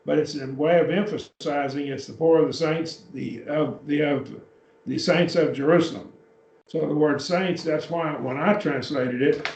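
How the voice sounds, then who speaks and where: A man's voice: on the high side, a little mellow, a little hiss or hum. A man teaching a Bible class, explaining step by step and often checking with "okay?". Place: church classroom. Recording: echoey, distant, dull classroom recording.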